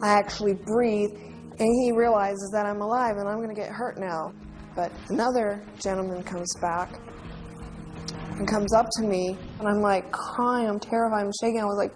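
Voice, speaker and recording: A woman's voice: mid-range voice, fairly even intonation, low-quality recording. Woman recalling a frightening childhood memory. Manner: halting, vivid retelling. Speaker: interviewee. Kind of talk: emotional personal recollection. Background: music underscore.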